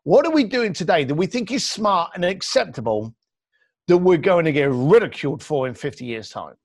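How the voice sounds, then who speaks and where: A man with a slightly high, slightly rough voice talks briskly as a guest on a podcast interview. Blunt and animated, he acts out other people's lines in his stories, and the clean studio sound has no echo.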